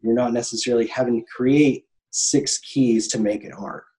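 A man's voice: mid-range voice, fairly even intonation, moderate pace, mellow, low-quality recording. A man in his thirties, a guest on an interview podcast, telling stories casually with lots of ums and restarts. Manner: rambling, many ums and restarts. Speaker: animator guest.

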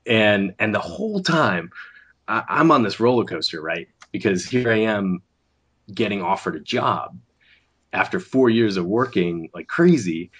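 A man, an animator, telling a story in casual conversation, acting out the other people's lines with quick restarts. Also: fairly low pitch, breathy edge. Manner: animated, acts out quoted voices, restarts often. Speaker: animator guest.

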